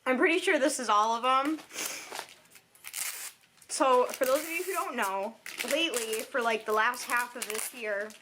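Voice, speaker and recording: A woman's voice: fairly high pitch, a little slow. A woman vlogging casually at home while opening presents, gushing and chatty with lots of "like" and "oh my God". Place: at home on Christmas morning. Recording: clear background noise and crinkling wrapping paper.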